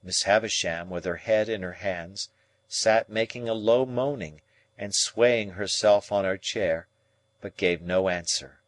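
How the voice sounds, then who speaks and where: A man narrating a classic novel as an audiobook, reading in an unhurried, expressive way. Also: lowish voice, dry recording. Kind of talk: scripted narration.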